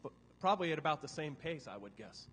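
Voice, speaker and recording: A man's voice: a little high, sing-song, quick pace, a bit bright, long reverb tail, slight background noise. A man appearing as a guest in a comic improvised interview, speaking in a dry, matter-of-fact way. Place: large hall with a live audience.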